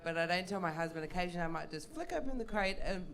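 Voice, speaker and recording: A woman's voice: on the low side, animated, racing, noisy background. A woman chatting on a live comedy panel, gushing and laughing easily.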